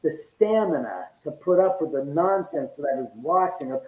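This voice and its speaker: Man, high voice, animated storyteller, acts out quotes, roomy echo, lo-fi sound. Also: normal speed, hardly any pauses. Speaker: guest. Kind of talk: casual storytelling interview. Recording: echoey, dull lo-fi sound.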